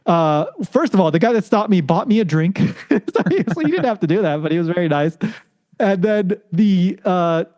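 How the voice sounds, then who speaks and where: A man from the United States, a podcast guest telling a story in casual chat and acting out the voices of the people he met. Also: normal speed. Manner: animated, acts out quoted voices with rising pitch.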